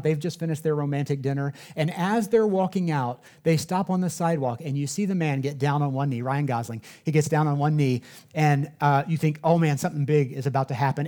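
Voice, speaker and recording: Mellow-voiced male pastor preaching. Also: a little high. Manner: conversational storytelling with rhetorical questions. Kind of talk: sermon. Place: church sanctuary.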